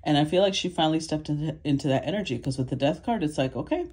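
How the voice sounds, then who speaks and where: A woman with a low, slightly husky voice gives a relaxed tarot reading. She names each card as she draws it, then muses aloud about what it means, now and then clearing her throat. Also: fast talker, few pauses. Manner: thinks aloud, calls out cards, clears throat. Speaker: tarot reader.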